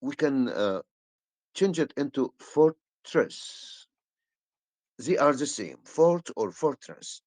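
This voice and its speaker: A male English teacher explaining a lesson slowly, with many hesitations and fillers. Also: medium pitch, lively intonation, darkish tone, dry recording. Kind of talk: classroom lesson.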